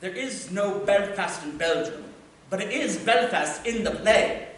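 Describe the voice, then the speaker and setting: A man's voice: sits high, lively intonation, measured pace, a bit bright. A man playing a flustered playwright. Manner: polite, flustered, protesting. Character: earnest Northern Irish playwright, flustered. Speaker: actor in a stage comedy. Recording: echoey stage from far off with noise.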